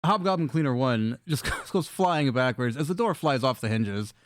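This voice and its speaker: A man running a tabletop game, narrating the action playfully, laughing often and swearing freely. His voice sits at an ordinary pitch and sounds dry and close. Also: animated, moderate pace, dry recording. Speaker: game master.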